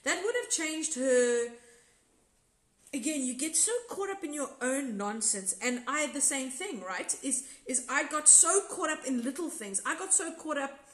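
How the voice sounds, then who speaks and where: A South African woman with a slightly high voice talks through an episode recap in a loose, candid ramble. She corrects herself mid-sentence and reads out viewer comments. Her voice carries a roomy echo. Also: lively intonation, normal speed, fairly bright tone. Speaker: episode reviewer and former contestant. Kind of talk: casual live recap chat reading viewer comments.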